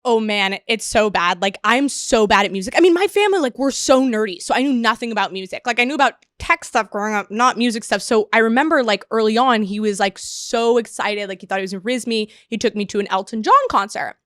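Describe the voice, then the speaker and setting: A woman's voice: fairly high pitch, a little fast, hardly any pauses, a bit bright, no room sound, studio quality. A young woman, a podcast guest, chatting in a self-deprecating way and often laughing while she talks. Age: young adult. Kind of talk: casual chat. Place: podcast studio.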